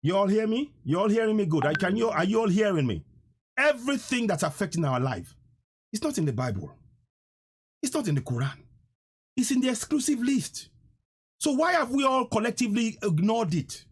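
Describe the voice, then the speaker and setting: A man's voice: sits high, sing-song, fairly quick, husky. A man with a Nigerian accent, hosting a political livestream and mixing Pidgin with English, repeating himself to drive his point home. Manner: preachy, repeats lines, mixes Pidgin and English. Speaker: livestream host.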